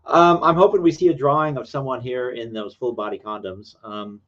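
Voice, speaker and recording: A man's voice: medium pitch, fairly even intonation, fairly quick, lo-fi sound. A man hosting a casual late-night livestream, talking in a rambling, hesitant way with many fillers. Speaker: livestream host.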